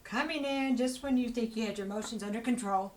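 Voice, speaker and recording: A woman's voice: fairly high pitch, quick pace, darkish tone, slight background noise, poor audio. A woman giving a casual spoken tarot reading, chatty and rambling, with many asides to the listener and an encouraging tone. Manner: chatty, rambling, full of "you know" asides; encouraging, talks straight to the listener. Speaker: tarot reader.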